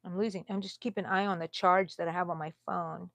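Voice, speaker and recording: A woman's voice: on the low side, fairly even intonation, fast, gravelly, few pauses, fairly bright tone, no echo. A middle-aged woman from the United States chatting casually on a crochet live stream, laughing often and talking to viewers by name. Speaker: crochet vlogger.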